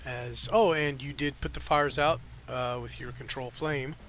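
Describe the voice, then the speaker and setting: Bright-voiced man running a tabletop game. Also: medium pitch, steady tone, unhurried, slight background noise. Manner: rambling, self-correcting, many fillers. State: has the hiccups. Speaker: dungeon master.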